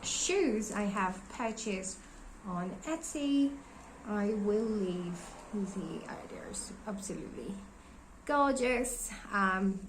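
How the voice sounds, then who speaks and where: Slow, chatty woman with a gravelly voice. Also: mid-range voice, slight background noise, rough recording. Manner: chatty, rambling, searches for names, laughs often. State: losing her voice. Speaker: doll collector vlogger. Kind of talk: casual show-and-tell vlog.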